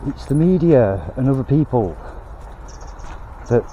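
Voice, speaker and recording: A man's voice: mid-range voice, very animated, measured pace, highs cut off, a little hiss or hum. A man vlogging outdoors on a canal towpath, ranting bluntly in a rambling way and swearing now and then. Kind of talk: casual rant while walking.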